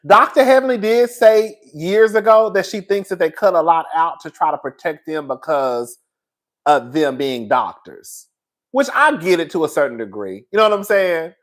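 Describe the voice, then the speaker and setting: A man's voice: fairly high pitch, normal speed. Gossipy man recapping reality TV. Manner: animated, gossipy, laughs a lot. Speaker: host. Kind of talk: casual reality TV commentary.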